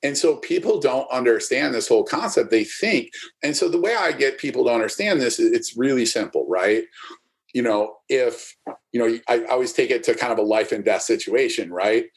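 A man's voice: mid-range voice, expressive, moderate pace, vocal fry. A man who coaches strength and fitness, explaining his ideas emphatically in a podcast interview and often checking in with "right?".

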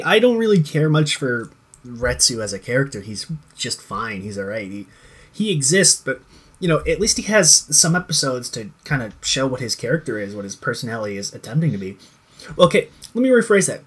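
Rambling husky man in casual chat. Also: medium pitch, big pitch swings, brisk, fairly bright tone. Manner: rambling, many fillers and restarts, swears casually. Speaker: co-host discussing a TV show.

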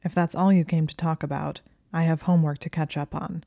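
A woman reading the lines of a cold, resentful teenage boy wizard, clipped and flat. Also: low-pitched, fairly quick, gravelly, dry recording.

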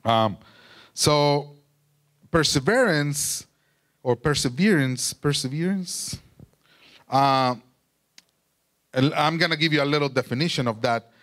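A man's voice: medium pitch, unhurried, pauses often, fairly bright tone. A man preaching a sermon in English. He often restarts his phrases and searches for words.

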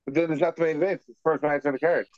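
Male co-host, slightly high voice, dry and dull lo-fi sound, digs in on every point. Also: steady tone, rapid-fire, a little mellow, no room sound. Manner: stubborn, contrarian in debate. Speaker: podcast co-host. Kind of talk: casual watchalong chat. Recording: dull lo-fi mic.

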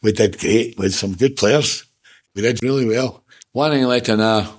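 A man's voice: medium pitch, normal speed. A Scottish man in his seventies, a former football manager, telling stories in a casual interview, blunt and swearing freely with laughs between. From Scotland. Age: 70s.

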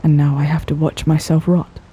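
A woman voicing a haunted, terrified male artist who speaks in a hollow, broken, hushed voice. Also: sits low, level tone, fairly quick, breathy edge, lo-fi sound.

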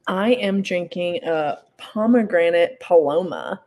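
A woman's voice: on the low side, animated, slow, a little mellow. A woman with a Southern US accent, a dietitian guest, teasing playfully in casual podcast chat.

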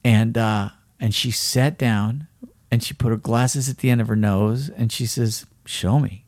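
A man co-hosting a podcast, telling a story in an animated, casual way with lots of fillers and "right?". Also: mid-range voice, measured pace, dry recording, clean studio sound. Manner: animated, keeps asking "right?", frequent fillers. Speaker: podcast co-host.

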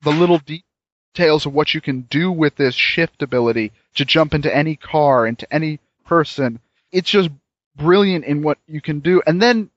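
Excitable man rambling about a game. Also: fairly high pitch, moderate pace, dry recording, dull audio. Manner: enthusiastic, rambling, many restarts. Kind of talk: casual chat reviewing a game.

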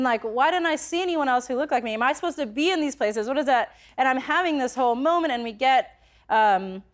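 A young adult woman telling a personal story in a conversational way, full of filler words, growing passionate as she speaks. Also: high voice. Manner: conversational, many filler likes, grows passionate.

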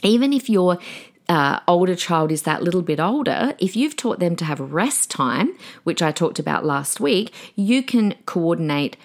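Female podcast host, thirties, lower voice, warm pep-talk delivery, chatty with restarts. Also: normal speed. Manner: encouraging, chatty, lively with small restarts.

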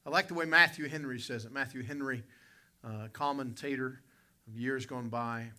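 A man preaching with a very bright, forceful tone, spinning a folksy personal story from the pulpit. He talks straight to his congregation and calls on people by name. He moves from loud, emphatic lines to quiet, low asides. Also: normal speed. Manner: folksy, vivid storyteller who addresses listeners by name. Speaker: pastor.

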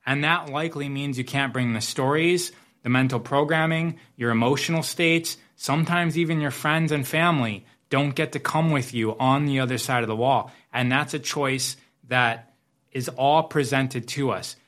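A man's voice: medium pitch, normal speed, fairly bright tone. A man speaking as a business coach in a motivational talk, reflective and fond of metaphors, often repeating phrases.

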